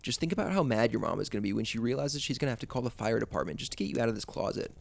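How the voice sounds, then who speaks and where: A man's voice: mid-range voice, lively intonation, rapid-fire, gravelly. A man reading the part of a teenage girl babysitter, coaxing and teasing. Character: teenage female babysitter, sly then frightened.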